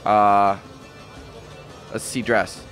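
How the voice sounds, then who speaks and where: A man's voice: lowish voice, little pitch movement, very slow, fairly bright tone, soft background music. A man giving casual, joking gameplay commentary, laughing and teasing as he plays. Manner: joking, laughing, trolling banter. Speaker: let's play commentator.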